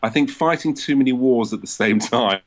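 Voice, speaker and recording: A man with a British accent and a baritone voice, answering interview questions as a historian, making his points with a dry, self-deprecating laugh. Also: moderate pace, highs cut off. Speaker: historian guest.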